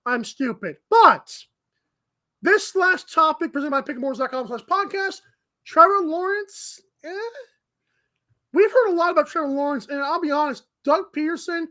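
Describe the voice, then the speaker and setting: Woman, sports radio co-host, high voice, blunt sassy delivery. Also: fairly bright tone. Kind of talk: casual sports talk.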